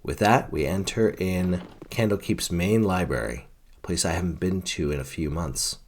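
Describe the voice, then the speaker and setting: A man's voice: deep voice, normal speed, background noise. A man narrating his role-play playthrough of a fantasy video game, retelling the characters' lines in his own words with some fillers.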